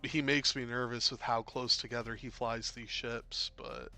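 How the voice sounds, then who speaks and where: A tired man commentating a tabletop game on his stream, talking in a relaxed, rambling way with frequent fillers. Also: mid-range voice, moderate pace, soft background music.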